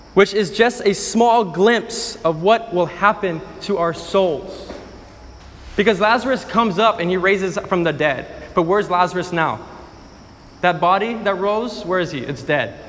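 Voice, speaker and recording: High-voiced preacher in a reverberant hall. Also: male voice, a bit bright. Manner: emphatic storytelling, repeats phrases for effect. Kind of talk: sermon.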